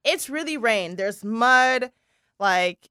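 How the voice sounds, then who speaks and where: A young adult woman co-hosting a podcast, retelling a story in animated, overlapping casual chat. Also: on the high side, takes it slowly, clear, resonant tone, dry recording, studio quality. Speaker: podcast co-host.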